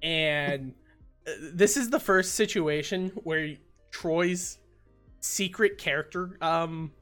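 A man hosting a casual podcast, retelling a sitcom episode with lively acted-out quotes. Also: a little high, slow pace, clear, resonant tone, faint music behind. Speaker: podcast host.

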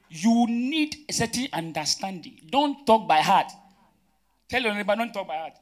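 A man, preaching a sermon as pastor, calling out questions and swinging between loud emphatic bursts and quiet asides. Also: high-pitched, very animated, normal speed. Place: church.

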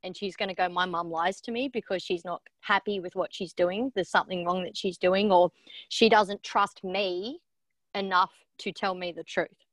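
A woman's voice: on the low side, normal speed, dry recording. A woman guest on a podcast telling frank personal stories in casual chat, saying her throat is a bit sore. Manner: frank, animated storyteller.

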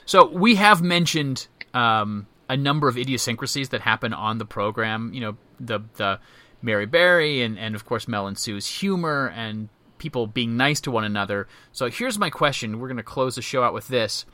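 Bright-voiced male podcast host. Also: medium pitch, lively intonation, moderate pace, no echo. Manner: leads the discussion, asks questions. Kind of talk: casual chat.

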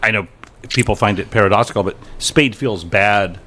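A man's voice: on the low side, normal speed, bright, forceful tone. A middle-aged man, a comedy writer guest, telling wry anecdotes in a casual podcast chat. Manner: wry, anecdotal, quotes people in voices.

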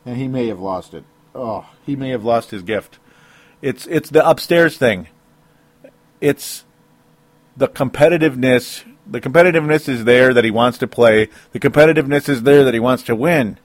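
A man with a medium-pitched voice speaks at a moderate pace, with no room sound. He hosts a sports talk podcast solo, delivering an emotional rant that rambles, cuts itself off, and breaks into small laughs between points.

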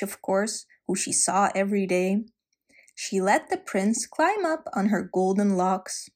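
Woman, storyteller, fairy tale, gentle asides to the listener, fairly high voice.

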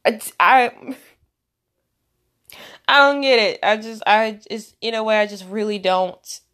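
A woman's voice: medium pitch, slow pace, a bit bright. A woman hosting a faith-based podcast, talking earnestly in a preachy, rambling way with many restarts. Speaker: podcast host.

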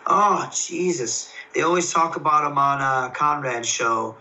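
Excitable man, bright voice, a bit distant. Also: on the high side, measured pace, hardly any pauses. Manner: excitable, rambling, frequent fillers and restarts. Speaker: professional wrestler, guest. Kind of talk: casual interview storytelling.

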